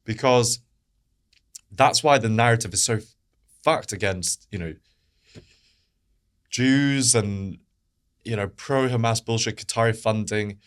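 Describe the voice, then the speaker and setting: A man's voice: fairly low pitch, a little slow, long pauses, clean tone. A man with a Scottish accent, a podcast guest talking bluntly and heatedly, swearing and repeating points for emphasis. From Scotland. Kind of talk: impassioned podcast conversation.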